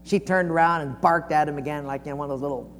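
A man's voice: quick pace, a little hiss or hum. Man preaching in a large echoing hall. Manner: folksy storyteller, acts out quotes with big swings in pitch and volume. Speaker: pastor. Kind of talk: sermon with storytelling.

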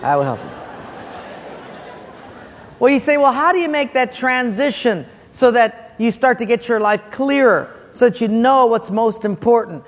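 A male pastor delivers a sermon, his voice sitting unusually high. He tells his stories with lively, acted-out voices and sudden loud bursts. The sound rings with the long reverb of a big sanctuary. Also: moderate pace. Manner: animated storytelling, acts out characters with loud outbursts.

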